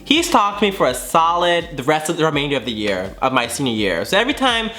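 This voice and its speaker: A man's voice: fairly high pitch, very animated, brisk, sharp tone. A man in his twenties telling a dramatic storytime to his viewers, profane and theatrical. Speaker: vlogger. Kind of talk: casual storytime.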